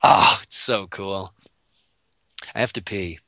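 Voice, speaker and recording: A man's voice: low-pitched, takes it slowly, bright, forceful tone, no room sound. A man chatting as a guest in a casual, playful conversation, laughing easily and rambling with restarts.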